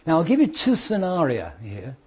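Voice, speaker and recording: A man teaching a law class, lively and conversational, asking the students questions and walking them through made-up scenarios. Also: fairly high pitch, normal speed, breathy edge. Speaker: law lecturer.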